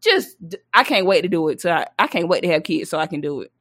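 A woman co-hosting a podcast in casual chat, expressive, mimicking her mother in a raised voice. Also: on the low side, quick pace, no echo, studio quality. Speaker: podcast co-host.

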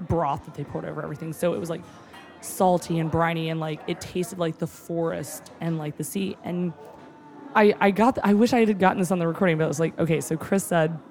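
Gushing, excitable talker in casual chat. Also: mid-range voice, a little fast, faint music behind. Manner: excitable, gushing, with many fillers and swearing. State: moved nearly to tears.

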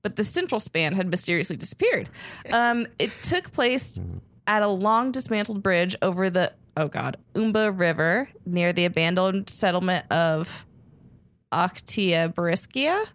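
A woman's voice: on the low side, animated, moderate pace. A woman co-hosting a casual group chat, reading out news stories with giggles and stumbling over foreign names.

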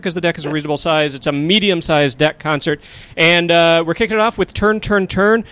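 A man hosts a radio show from an outdoor deck, his voice a little high. He chats in a loose, joking way and fills the gaps with "uh" and "um". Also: fairly quick, fairly bright tone, dry recording. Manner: upbeat and joking, with fillers. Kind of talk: casual radio chat.

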